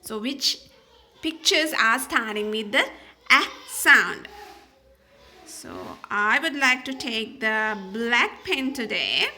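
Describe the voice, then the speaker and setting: A woman teaching phonics to young children, repeating each sound and word slowly and patiently, with small slips and restarts. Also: fairly high pitch, animated, pushed and bright. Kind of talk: slow, sing-song phonics lesson for young children.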